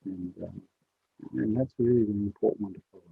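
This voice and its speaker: An earnest man shares a story with young listeners, speaking with heartfelt repetition. His voice is husky and mid-pitched, and the sound is dry and tinny, like a phone line. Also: fast, no room sound. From Western Australia. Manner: earnest, heartfelt, repeats himself. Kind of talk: spoken storytelling to young people.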